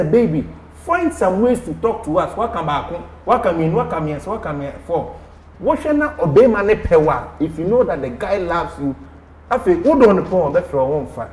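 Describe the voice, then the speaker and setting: A man's voice: high voice, a little mellow, echoey room. A man with a Ghanaian accent, a panelist on a talk show, giving emphatic, preachy advice.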